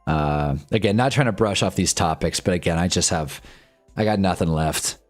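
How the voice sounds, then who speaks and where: A man's voice: low-pitched, moderate pace. A young man hosting a live fan stream, commenting wryly and with exasperation as a football game plays, drifting into casual chat. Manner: wry, exasperated fan commentary, loose and rambling. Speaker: livestream host reacting to a football game. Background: faint music.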